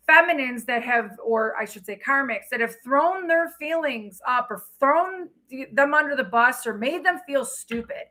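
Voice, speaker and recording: A woman's voice: high voice, pushed and bright. A woman hosting a tarot livestream, talking bluntly and swearing freely as she rants to her viewers. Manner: blunt, profane ranting. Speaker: tarot reader.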